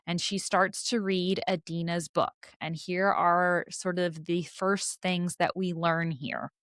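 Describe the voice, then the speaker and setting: A woman's voice: on the low side, fairly even intonation, takes it slowly, a bit bright, no room sound, clean studio sound. Wry, matter-of-fact woman co-host. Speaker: podcast co-host. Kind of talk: casual book-club chat.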